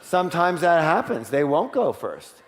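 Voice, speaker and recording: A man giving an energetic sales seminar, asking the audience for call-and-response and switching to a soft, quiet voice to act out offers. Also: fairly high pitch, moderate pace. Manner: drops to a soft, quiet voice for role-played offers. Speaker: seminar speaker. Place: large hall with a live audience. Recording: long hall reverb.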